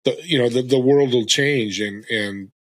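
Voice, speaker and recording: A man's voice: mid-range voice, moderate pace. A man in his sixties, a guest on a podcast, speaking in an earnest, motivational way and urging listeners to act. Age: 60s. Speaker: guest, fellow show host. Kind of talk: casual interview chat.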